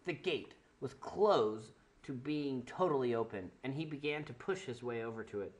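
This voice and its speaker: A young man reads a bad fanfic aloud at a moderate pace in an expressive, mid-range voice, playing it mock-dramatic. Sarcasm about the writing comes through in his laughter and wry asides.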